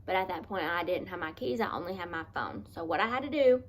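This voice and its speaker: A woman vlogger telling a personal story in an earnest, halting, confessional way, often restarting her sentences. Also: fairly low pitch, lively intonation.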